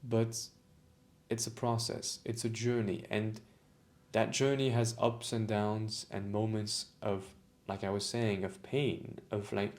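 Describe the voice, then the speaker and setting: A man's voice: fairly low pitch, level tone, takes it slowly, darkish tone. A man talking reflectively to camera about his own experience, with frequent restarts, repeated phrases and moments of emotion. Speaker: vlogger on autistic culture. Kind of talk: reflective personal monologue.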